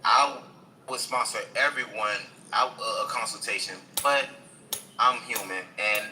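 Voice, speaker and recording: A man's voice: on the low side, a little slow, bright, forceful tone, slight background noise, poor audio. A man giving an earnest, emotional live-stream testimony, repeating himself as he holds back tears. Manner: earnest, repeats phrases, stumbles over words.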